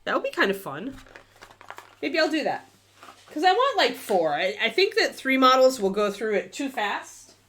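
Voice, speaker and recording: Donna chiacchierona dalla voce molto mobile. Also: female voice, sits high, sing-song, normal speed, a bit bright. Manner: chatty, thinks aloud, many fillers, talks to her dog. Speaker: miniature painting livestream host. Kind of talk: casual chat while painting on a livestream.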